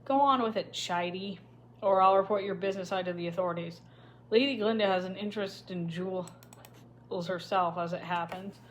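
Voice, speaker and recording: A woman's voice: mid-range voice, brisk, a little hiss or hum, close to an everyday voice. A woman voicing a blunt, impatient young man who talks in short, snappish bursts. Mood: curt. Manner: snappish, curt.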